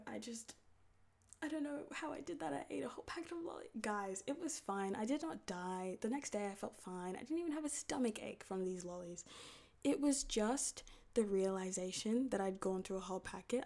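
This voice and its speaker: A woman's voice: fairly high pitch, fairly quick, creaky, darkish tone. A young woman giving candid, rambling advice in a casual talk, with many fillers. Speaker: video creator.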